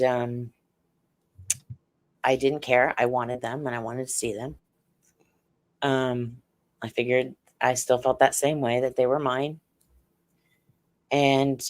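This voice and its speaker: A middle-aged woman, a podcast guest, telling a personal story slowly and haltingly, with many fillers and restarts. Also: very deep voice, darkish tone.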